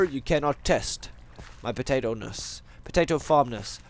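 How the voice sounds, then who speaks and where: In this Minecraft let's play, a man with a voice on the high side talks fairly quickly in a dry recording. He hosts a gaming channel and jokes his way through, wandering off on tangents and addressing both his viewers and the in-game animals.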